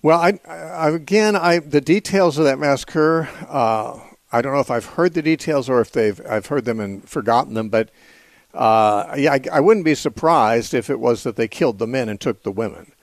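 A man hosting a call-in radio show, answering callers in a measured, thoughtful way with frequent fillers. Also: medium pitch, no room sound. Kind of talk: call-in radio Bible teaching.

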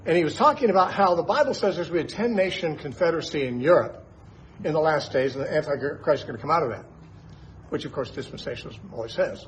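A male Bible teacher with a slightly high voice lays out scripture in an emphatic teaching manner. He poses rhetorical questions as he explains, and a faint ambient hiss sits under his voice. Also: lively intonation, fast, muffled recording.

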